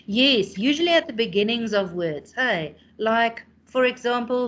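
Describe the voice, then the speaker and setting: A South African woman in her thirties leads a classroom revision lesson with a fairly high voice. She explains terms patiently, calls on students by name, and checks understanding with a quick "hey?". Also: big pitch swings, a bit bright, highs cut off. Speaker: teacher.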